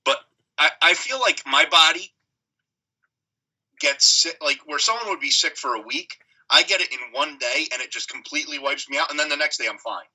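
A man co-hosting a podcast, talking in a casual way, teasing his partner and quick to laugh. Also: a little high, sharp tone, breathy edge, rough recording. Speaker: podcast co-host. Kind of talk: casual chat.

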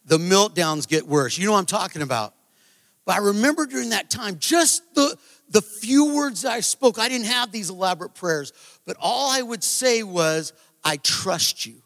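A man giving a sermon testimony, telling a story that builds to loud, emphatic moments, recorded live in a large church. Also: high voice, expressive, moderate pace. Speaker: guest preacher. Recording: live church hall reverb.

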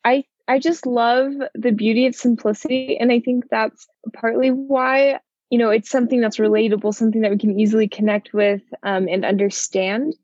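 A female student speaks earnestly in a flat, even tone. The sound is dry and lo-fi, with a dull, muffled quality. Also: fairly high pitch, normal speed, dry recording. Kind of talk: class discussion.

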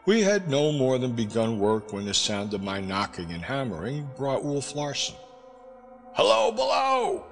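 A man narrating an audiobook in a measured, expressive reading. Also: medium pitch. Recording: reverberant with background music.

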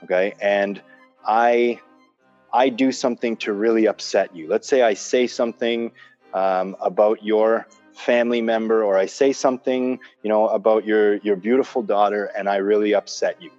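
A man's voice: on the low side, steady tone, moderate pace, a little mellow. A man in casual conversation, making his points with emphasis, repeating them and explaining with examples. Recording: dull lo-fi sound with faint music.

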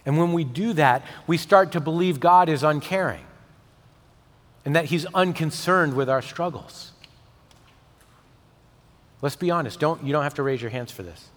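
A male pastor delivering a sermon, swinging from emphatic peaks to soft, intimate tones. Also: a little high, normal speed, pauses often. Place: church sanctuary. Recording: long hall reverb.

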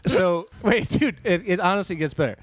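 A man hosting a podcast, telling a story in a casual, animated way and laughing often. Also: high voice, normal speed, slight background noise. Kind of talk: casual chat.

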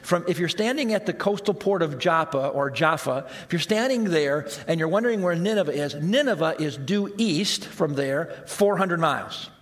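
A man with a high voice delivers a sermon. He talks to the congregation like a conversation, pressing hard on key points and then dropping into quiet, drawn-out asides. His voice rings with a long reverb through a large hall. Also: lively intonation. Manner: conversational preaching, swinging between raised emphasis and hushed, slow asides. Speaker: pastor.

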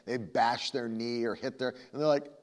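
A man's voice: mid-range voice, fairly even intonation, normal speed. A man preaching a sermon as a pastor, emphatic and repetitive, with a conversational manner and long reverb.

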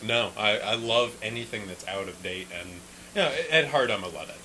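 Deadpan low-voiced male guest. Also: fairly quick, a little hiss or hum, rough recording. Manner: deadpan, sarcastic. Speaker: radio guest. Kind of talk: casual radio chat. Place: radio studio.

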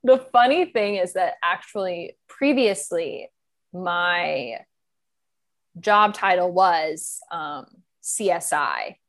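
A woman's voice: on the low side, animated, slow pace. A young woman hosting a podcast in casual chat, cheerful and playful, laughing often, recorded over a remote call. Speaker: podcast host.

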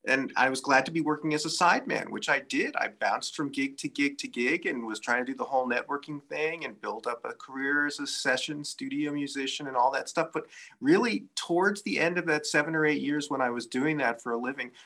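A man, a musician guest, chatting in an interview and telling stories in a relaxed, reflective way with frequent fillers. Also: medium pitch, brisk. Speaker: saxophonist guest. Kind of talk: casual interview chat.

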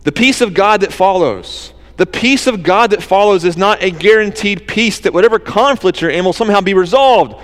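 A man's voice: sits high, animated, moderate pace, hardly any pauses, fairly bright tone, big-room sound. A man preaching a sermon to his church, earnest and conversational, asking the listeners rhetorical questions. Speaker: pastor.

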